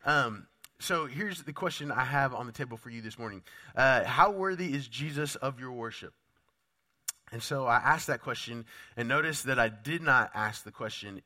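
A pastor with a medium-pitched voice preaches in a pushed, bright tone that sounds off from a lingering cough illness. He's clearly sick, yet he keeps things conversational and puts direct questions to the congregation.

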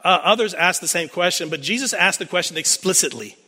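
Man preaching, bright higher voice, storytelling, echoing hall. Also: animated, fairly quick, husky. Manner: storytelling retelling of a scripture scene, repeating phrases for emphasis. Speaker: pastor. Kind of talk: sermon. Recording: long reverb of a large hall.

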